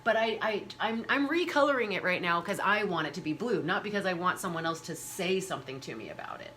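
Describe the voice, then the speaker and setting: Bright-voiced woman host chatting animatedly. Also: quick pace. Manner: animated, acts out quoted people in high voices. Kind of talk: casual chat.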